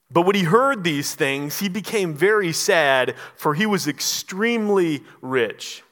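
A male pastor preaching a Sunday morning sermon, lively and acting out the voices he quotes. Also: on the high side, a little slow, few pauses. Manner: animated, acts out the quoted voices.

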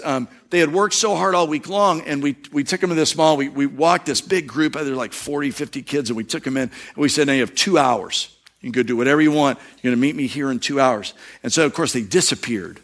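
Preaching in a relaxed, storytelling manner, this middle-aged man lowers his voice to a soft hush for emphasis.

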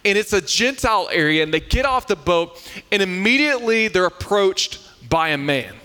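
A man's voice: sits high, animated, moderate pace, sharp tone, smooth. A man preaching a sermon as pastor, reading scripture aloud and explaining it in an earnest, emphatic way, often repeating a word as he restarts. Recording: echoey hall with long reverb.

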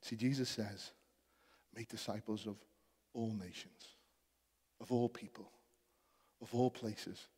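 Impassioned Scouse preacher in a reverberant hall. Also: male voice, fairly low pitch, fairly even intonation, takes it slowly, pauses often, dark tone, breathy edge. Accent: Liverpool (Scouse). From Liverpool, England. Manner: impassioned, building to emphatic exhortation. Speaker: pastor. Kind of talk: sermon. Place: church hall.

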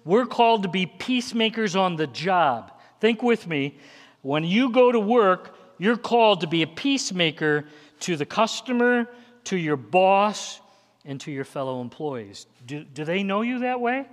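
A man's voice: sits high, expressive, measured pace. A man preaching a sermon as a pastor, earnest and conversational, stacking up lists and speaking to the congregation directly. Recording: long hall reverb.

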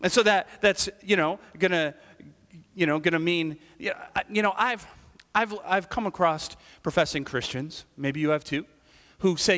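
A man's voice: high voice, normal speed, fairly bright tone, big-room sound. A man, a pastor, preaching a conversational sermon and often checking in with the congregation by asking "right?". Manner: conversational preaching, frequent "right?" tag questions. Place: church.

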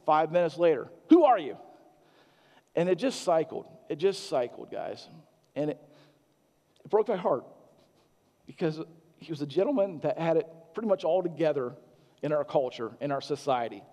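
Halting, warm-voiced male pastor. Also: fairly high pitch, big-room sound. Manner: halting, many restarts and fillers, earnest. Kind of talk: sermon.

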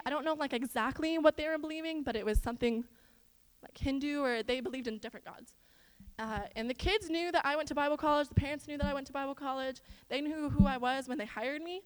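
A young woman from the Midwest preaching to a church as a children's minister, animated and emphatic, moving between loud exhortation and soft, slangy asides. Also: high-pitched, clean tone, poor audio. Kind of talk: casual sermon.

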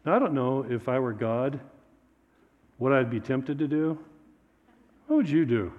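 A man's voice: mid-range voice, expressive, measured pace, narrow, tinny audio. A man preaching a sermon as a pastor, in a conversational, joking storytelling manner. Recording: echoey hall.

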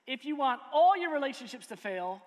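Animated pastor co-host, man, lively storyteller, long reverb. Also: very high voice, fairly quick. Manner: animated storyteller, loud mimicking bursts. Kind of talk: casual chat.

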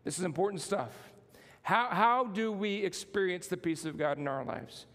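High-voiced preaching pastor in reverberant hall. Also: male voice, animated, moderate pace, a bit bright. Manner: preaching with rising emphasis and call-and-response. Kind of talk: sermon.

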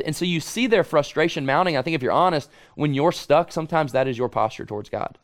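A man's voice: fairly high pitch, animated, quick pace, hardly any pauses. Earnest, emphatic male pastor preaching. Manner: earnest, emphatic, repeats phrases for stress. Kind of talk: sermon.

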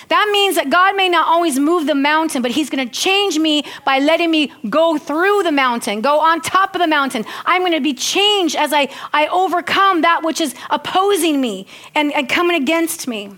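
A woman's voice: high voice, lively intonation, moderate pace, hardly any pauses, sharp tone. A woman preaching a sermon, reading scripture earnestly and breaking into chatty, laughing asides.

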